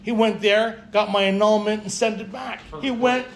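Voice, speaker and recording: Gravelly man telling a recovery story. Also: sits high, moderate pace. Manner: animated storyteller acting out dialogue. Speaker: recovery retreat speaker.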